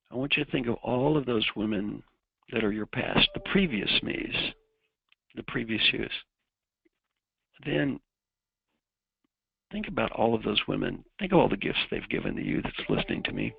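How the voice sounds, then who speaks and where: Gravelly man giving a motivational talk. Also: mid-range voice, no echo, dull audio. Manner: direct, coaching the audience through exercises. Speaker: keynote speaker.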